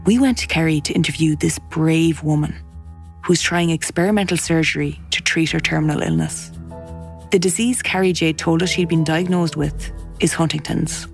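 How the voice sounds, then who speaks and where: A woman narrating an investigative documentary in a measured, deliberate scripted voice. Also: deep voice, steady tone, vocal fry, faint music behind.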